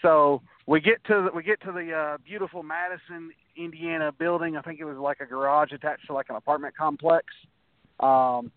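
A man's voice: fairly high pitch, steady tone, brisk. A man in a casual interview, spinning long anecdotes in a slightly raised voice, stumbling over restarts and acting out other people's lines. The sound is thin and phone-like, and it is close and dry with no room echo. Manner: rambling anecdotes with many restarts and acted-out quotes. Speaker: guest, wrestler.

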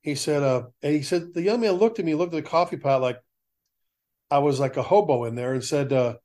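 A middle-aged man with a fairly high voice, hosting a fire service talk show. He tells stories in casual chat and acts out the voices of the people he quotes with lots of life. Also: fairly quick. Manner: animated storyteller acting out quoted voices. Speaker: fire service podcast host.

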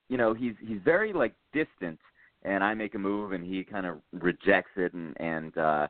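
A man's voice: lowish voice, no echo. A man in casual podcast chat, telling a story in a rambling way with many fillers. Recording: tinny phone-like dry sound.

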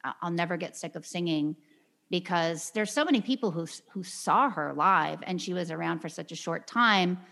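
A woman's voice: lowish voice, normal speed, vocal fry, a bit bright. A woman of around forty, a singer, talking candidly as a podcast guest, with a somewhat nasal voice and an easy laugh. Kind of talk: casual podcast interview.

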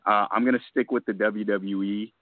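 A man co-hosting a podcast in casual chat, mulling choices aloud and getting excited about them. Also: fairly low pitch, moderate pace, no echo. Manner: deliberating aloud, enthusiastic. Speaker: podcast co-host. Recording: tinny phone line, dry.

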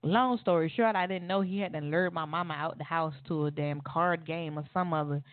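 A woman's voice: deep voice, fairly even intonation, fairly quick, dry recording. A woman guest on a talk show, bluntly and profanely recounting a personal story with wry laughs. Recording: tinny phone-line audio.

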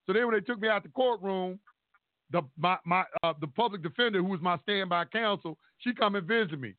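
A man telling a story in a casual, animated and profane way, acting out the people he talks about. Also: high voice, brisk, no room sound. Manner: animated, profane, acts out courtroom exchanges. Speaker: storyteller recounting court experience. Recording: dry tinny phone-like sound.

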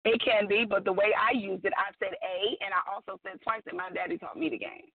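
A woman's voice: medium pitch, a little fast, no echo. A woman guest talking on a radio chat show, outspoken, blunt and emphatic, with plenty of slang. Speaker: guest author. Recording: tinny phone line.

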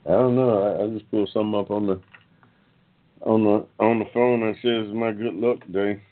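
A man's voice: on the low side, fairly even intonation, normal speed. An older man hosting an online talk show, rambling casually in a folksy way and calling his listeners y'all, with an African American English accent. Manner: folksy, addresses listeners as y'all, many fillers. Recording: tinny phone-line sound.

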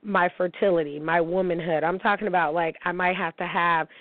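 A woman's voice: lowish voice, steady tone, a little fast, dry recording. A woman hosting a personal talk show, telling her story in a candid, profane monologue full of fillers. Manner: frank and profane, many fillers. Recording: tinny phone-like sound, dry.

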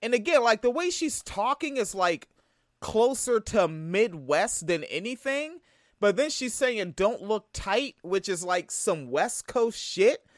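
A man's voice: high voice, sing-song, measured pace, no room sound, studio quality. A man from Tacoma giving a profane, heated reaction commentary. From Tacoma, Washington. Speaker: video commentator.

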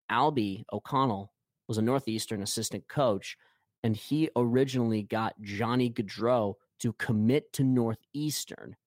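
A man talking hockey in a loose, rambling way, often stopping to restart his sentences. His voice sits low and the recording is dry and close, with no room sound. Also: darkish tone, no echo. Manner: rambling, with frequent fillers and restarts. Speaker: podcast co-host. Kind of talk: casual hockey chat.

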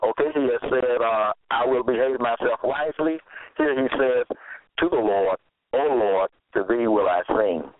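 Slow, lively man preaching over a tinny line. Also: medium pitch, no echo. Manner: exhorting, repeating phrases, scolding the listeners. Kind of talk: sermon. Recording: tinny phone-like, dry sound.

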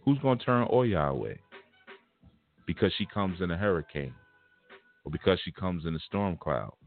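A man's voice: sits low, big pitch swings, normal speed, creaky. A man giving a spiritual lecture in a casual, emphatic, vernacular preaching manner. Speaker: spiritual teacher. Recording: tinny phone-like line with faint music.

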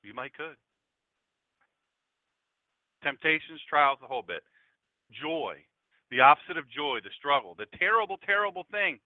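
A man, a pastor hosting an internet radio show, talking in a folksy, animated, conversational preaching style straight to his listeners. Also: on the high side, moderate pace, pauses often, no room sound. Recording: dry, phone-like lo-fi line.

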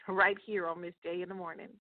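A woman's voice: on the low side, level tone, a little fast, no echo. A woman hosting a morning podcast, talking casually as a success coach, chatty and motivational, speaking straight to her listeners. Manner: chatty, preachy, addresses listeners directly. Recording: tinny phone-like line, dry.

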